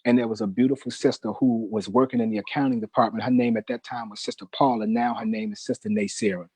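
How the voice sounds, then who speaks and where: A man's voice: on the low side, steady tone, fast, mellow, husky, no echo, rough recording. A middle-aged man telling a personal testimony in an emphatic, preacher-like way, often calling the host brother. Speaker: guest, newspaper manager.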